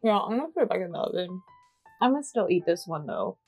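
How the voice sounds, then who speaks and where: A young woman vlogging her baking, excitable and gasping, swearing and repeating herself, reading recipe steps aloud between outbursts. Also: on the low side, fast talker, slightly rough, faint music behind. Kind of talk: casual vlog.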